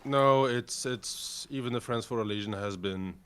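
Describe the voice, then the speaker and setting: A man's voice: mid-range voice, moderate pace, a bit bright, smooth. A man from Europe talking as a guest in a casual chat, blunt and wry.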